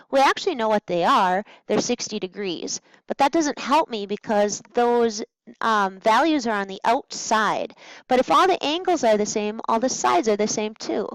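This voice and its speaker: A woman's voice: fairly high pitch, no room sound, low-quality recording. Playful woman math teacher, dry close sound. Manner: chatty, playful asides to herself. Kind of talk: recorded test-prep walkthrough. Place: classroom at a smart board.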